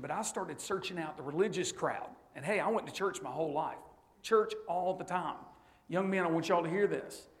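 Emphatic preacher, fairly high voice. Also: male voice. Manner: storytelling, swings from hushed to loud and emphatic. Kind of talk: sermon.

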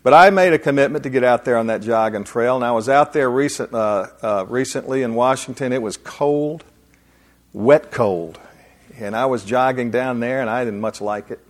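A man's voice: mid-range voice, moderate pace. Folksy man in his fifties. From Alabama, USA. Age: 50s. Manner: folksy, joking storyteller. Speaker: men's ministry speaker. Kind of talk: speech to a live audience.

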